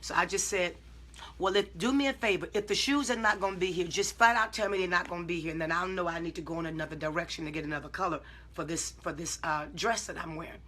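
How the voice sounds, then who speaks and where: A woman preacher speaking informally to online viewers, telling stories emphatically and acting out her side of conversations. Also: fairly low pitch. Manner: swings from calm self-talk to loud, drawn-out exclamations.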